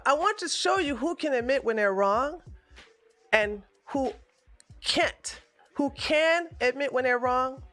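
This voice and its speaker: A woman hosting a political livestream, ranting and arguing in a combative, profane, often shouting way. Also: mid-range voice. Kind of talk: heated livestream rant.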